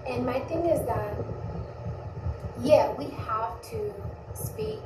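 A woman's voice: a little high, expressive, slow, distant mic. Woman in an echoey, noisy clip. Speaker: commenter in a played clip. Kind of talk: opinionated monologue.

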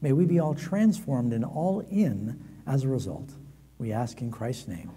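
Mellow-voiced male preacher in a big hall. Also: medium pitch. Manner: animated storytelling with quick asides and humor. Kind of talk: storytelling sermon at a camp meeting. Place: large meeting hall. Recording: long reverb of a large hall.

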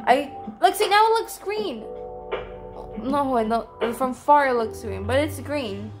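Young woman, excitable, rambling, swears a lot, slightly high voice, music playing behind. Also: unhurried. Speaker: vlogger. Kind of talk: casual crafting vlog.

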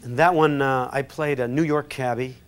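A man from Wisconsin, a guest actor on a talk show, relaxed and joking, laughing easily. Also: mid-range voice, normal speed. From Wisconsin, USA. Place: TV studio with live audience. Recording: TV studio with very loud audience and noise.

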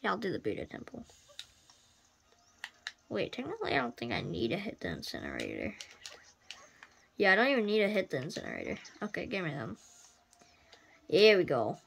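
A woman's voice: mid-range voice, wildly swooping pitch, brisk, vocal fry, pauses often, background noise. A woman giving casual, playful commentary while playing a video game, often crying out at what happens. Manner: playful, exclaims and cries out at the game.

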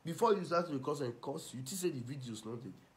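Male online commentator, Nigerian Pidgin accent, scornful ranting delivery, fairly high pitch. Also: lively intonation, quick pace. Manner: mocking, scolding, swings loud and soft.

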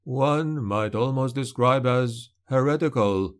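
A man voicing a cunning male steward who speaks in a quiet, measured, cautioning tone. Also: mid-range voice, close to an everyday voice. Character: cunning middle-aged male steward, calm and warning.

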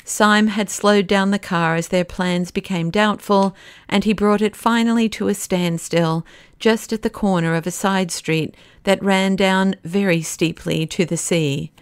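A woman narrating a classic novel as an audiobook, in a steady, expressive way. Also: medium pitch, measured pace, clean tone, dry recording, studio quality. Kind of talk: scripted narration.

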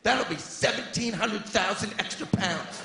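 A man voicing a disgusted female airline check-in clerk who scolds a passenger, in a low, quiet, disdainful tone. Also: unhurried, roomy sound, very noisy. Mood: scolding.

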